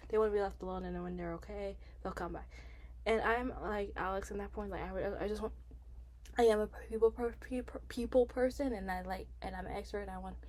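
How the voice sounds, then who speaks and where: Woman, casual vlog commentary, rambling, restarts, emphatic outbursts, medium pitch. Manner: animated, rambling, frequent restarts and fillers. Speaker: reality show commentator.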